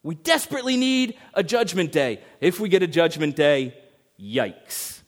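A man preaching a sermon as pastor, emphatic, swinging between urgent rises and hushed passages. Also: high-pitched, sing-song, a little fast.

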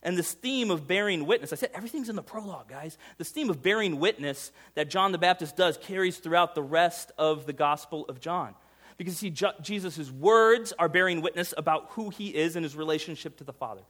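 A man preaching a sermon conversationally, asking his listeners questions and swinging between loud emphasis and hushed intensity. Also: fairly high pitch, brisk. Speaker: pastor.

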